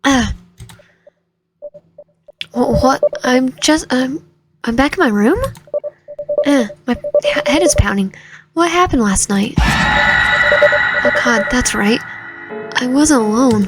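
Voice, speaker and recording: A woman's voice: high-pitched, expressive, slow pace, long pauses. A woman reading a horror visual novel aloud, voicing the heroine's fear expressively. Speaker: gamer. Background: game music.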